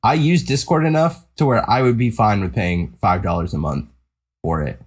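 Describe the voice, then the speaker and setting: A man co-hosting a casual gaming podcast, rambling with frequent restarts and trailing off quieter at the ends of thoughts. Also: fairly low pitch, normal speed, breathy edge. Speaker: podcast co-host. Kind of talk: casual chat.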